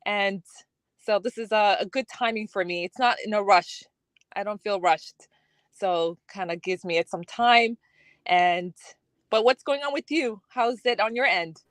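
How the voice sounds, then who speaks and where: A woman guest on a casual live panel stream, talking in a relaxed way with fillers. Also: medium pitch, unhurried, no echo.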